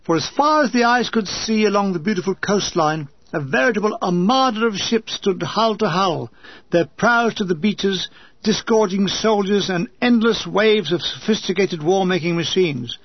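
Wry, high-voiced man reading a memoir. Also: moderate pace, no room sound, dull audio. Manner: wry, lyrical. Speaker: narrator reading his own war memoir. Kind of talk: audiobook reading with comic asides.

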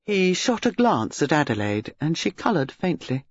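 A man reading narration for an audiobook in a measured, expressive manner. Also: fairly high pitch, breathy edge. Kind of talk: scripted narration. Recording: dull lo-fi recording.

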